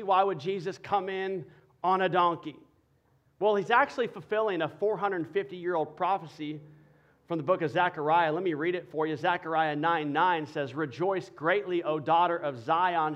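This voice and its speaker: A male pastor preaching a sermon to his congregation, animated, swinging from loud exclamations to a hushed prayer. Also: high-pitched, highs cut off. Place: church sanctuary before a congregation.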